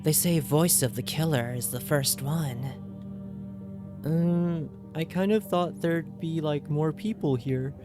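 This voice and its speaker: A woman's voice: low-pitched, slow pace, over music. A young woman streaming a game, chatting casually and asking her viewers lots of questions. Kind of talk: casual livestream chat.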